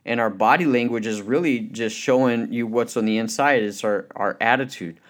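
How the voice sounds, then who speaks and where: A man delivers a motivational Christian talk at a mid-range pitch. He sounds earnest and conversational. He leans on "you know" fillers and brings his stories to life with quick acted voices. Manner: tells anecdotes with lively acted quotes. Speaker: speaker.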